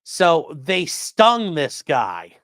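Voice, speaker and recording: A man's voice: a little high, huge pitch swings, extremely slow, fairly bright tone, no room sound, clean studio sound. A man hosting a casual commentary show who swears freely and acts out the quoted lines in changing voices. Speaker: host.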